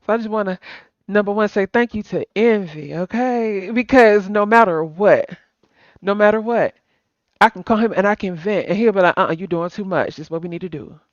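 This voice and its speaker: A woman's voice: mid-range voice, fairly quick, no echo, dull audio. Blunt sleepy woman host. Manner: blunt and emphatic, swearing. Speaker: stream host. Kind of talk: casual live-stream chat.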